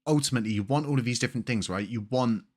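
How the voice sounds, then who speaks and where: A man with a croaky voice from a cold, hosting his channel and ranting casually with frustration and frequent restarts. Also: medium pitch, very fast. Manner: frustrated, rambling, repeats words. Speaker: crypto channel host. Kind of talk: casual video commentary.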